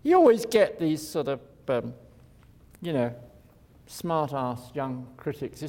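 An older architect delivers a loose, wry, informal public lecture, chuckling at his own asides. His slightly high voice is gravelly, sing-song, slow and a little mellow. A long echo from the lecture hall follows his words.

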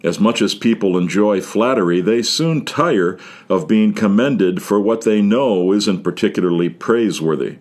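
Wry low-voiced male preacher. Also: darkish tone. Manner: measured, wry storytelling. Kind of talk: sermon.

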